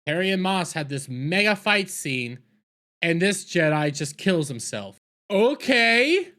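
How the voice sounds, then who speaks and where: A man's voice: high-pitched, big pitch swings, slow pace, pushed and bright. A man reviewing a series on his channel, rambling through a casual episode recap with stammers, repeated words and wry asides. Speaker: video reviewer.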